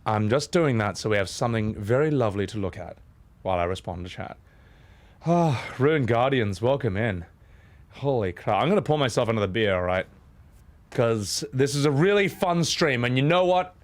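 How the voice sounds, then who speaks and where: A man in his thirties, out of breath, chatting casually on his stream and shouting out thanks to his viewers. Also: mid-range voice, expressive, normal speed. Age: 30s. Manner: breathless, thanking chat with loud shout-outs.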